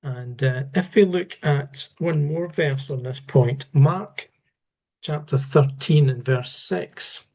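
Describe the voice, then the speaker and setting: A man giving an unscripted Bible study lesson, measured and halting, often restarting his words. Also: mid-range voice, vocal fry, warm tone, slightly rough. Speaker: Bible teacher.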